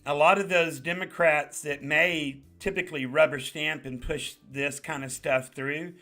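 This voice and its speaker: This is a man with a New York accent hosting a live chat, his voice bright and forceful and sitting a little high. He talks casually, hammers points home by repeating them, and greets viewers one by one. Faint music plays underneath. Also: a little slow. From the Bronx. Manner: animated, greets viewers by name, emphatic repetition. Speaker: livestream host.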